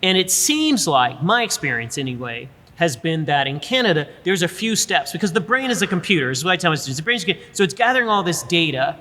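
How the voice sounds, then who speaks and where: A middle-aged American woman speaking as an interview guest, emphatic and animated, drawling "y'all" and checking in with "right?". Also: on the low side, fast, few pauses. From United States. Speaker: guest, business school dean. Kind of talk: candid conversational interview. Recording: reverberant room.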